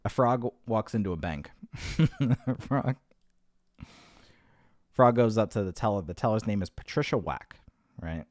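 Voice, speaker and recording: A man's voice: lowish voice, a little slow, long pauses, dry recording, studio quality. A man telling long rambling jokes, amused by his own material. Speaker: joke teller. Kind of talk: rambling comedic storytelling.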